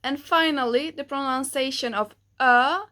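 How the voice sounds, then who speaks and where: Woman language teacher, fairly high voice, slow and patient delivery. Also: pushed and bright. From Sweden. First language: Swedish. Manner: slow and patient, models sounds for the learner to repeat. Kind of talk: pronunciation lesson.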